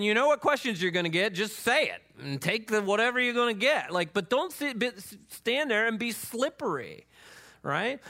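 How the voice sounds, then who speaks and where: A man preaching a sermon as pastor, emphatic and conversational, checking in with "right?" and reading scripture with rising intensity. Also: very high voice. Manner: animated, emphatic preaching with frequent "right?" asides.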